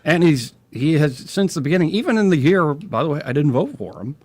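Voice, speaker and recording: A man hosting a talk show, animated and wry in his asides. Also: a little high, dry recording. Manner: animated, wry, quick to laugh it off. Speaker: host. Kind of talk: talk radio chat.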